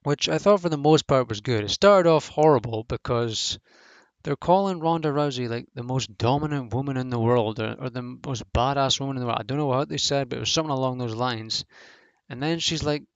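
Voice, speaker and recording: A man's voice: mid-range voice, fairly quick, dry recording, muffled recording. A man giving a casual, rambling review of a wrestling show, blunt and swearing freely, with lots of fillers.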